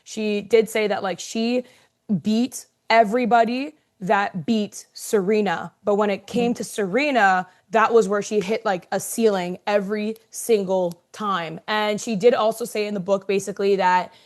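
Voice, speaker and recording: A woman's voice: medium pitch, steady tone, unhurried. A woman co-hosting a sports podcast, talking conversationally with fillers and building to emphatic points. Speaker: podcast co-host. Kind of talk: casual chat.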